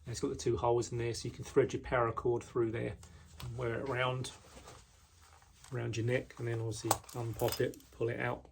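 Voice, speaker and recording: A man casually showing the knives he makes, talking in a relaxed way with frequent ums and restarts, indoors in his workshop. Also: medium pitch, brisk, creaky, a little hiss or hum. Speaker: knife maker. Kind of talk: casual product walkthrough.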